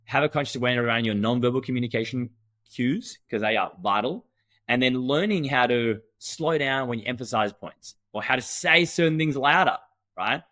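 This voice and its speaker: A man co-hosting a podcast, talking in an energetic, emphatic teaching tone. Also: medium pitch, a little fast, dry recording. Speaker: podcast co-host. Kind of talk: conversational podcast talk.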